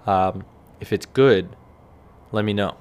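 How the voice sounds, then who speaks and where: A man's voice: on the low side, takes it slowly, smooth. A man hosting a casual solo podcast, telling stories in a rambling, wry way and acting out what other people said. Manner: rambling, wry storytelling with lively acted-out quotes. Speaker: podcast host. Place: relaxed evening setting with a cigar and beer.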